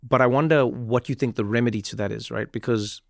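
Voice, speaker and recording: Brief: male podcast host, mid pitch, inquisitive questions, dry close mic. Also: steady tone, brisk, gravelly, no room sound. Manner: inquisitive, asks follow-up questions. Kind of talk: interview conversation.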